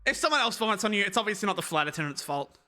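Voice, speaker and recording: A young man doing stand-up on a live stream, with a high, very bright and forceful voice. He tells his story with lots of energy and keeps breaking off to talk to his chat. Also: rapid-fire. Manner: animated anecdote with asides to chat.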